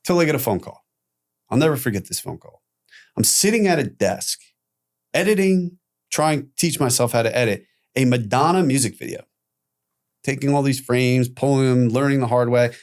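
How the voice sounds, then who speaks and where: A man speaking as a guest on an interview show, telling his story with animated energy and frequent swearing. His voice sits at an ordinary middle pitch. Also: moderate pace. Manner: animated retelling with profanity, acting out quoted voices. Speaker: podcast guest.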